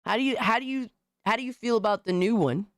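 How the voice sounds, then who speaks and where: Hoarse, excitable male live streamer. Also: high voice, quick pace, dry recording, clean studio sound. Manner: excitable, profane, shouting out viewers. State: hoarse, recovering from illness. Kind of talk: casual live-stream chat.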